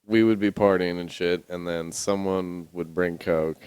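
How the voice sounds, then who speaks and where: Young man, podcast co-host, casual crude chat, fairly low voice, dry. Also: fairly even intonation, unhurried, a little mellow, smooth, no room sound. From South Florida. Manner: crude, laughing, slips into mock voices.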